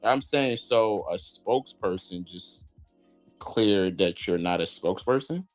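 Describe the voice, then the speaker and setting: A man's voice: fairly low pitch, measured pace, dry recording, soft background music, rough recording. Blunt, profane man in a group chat. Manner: blunt, profane, laughing while talking.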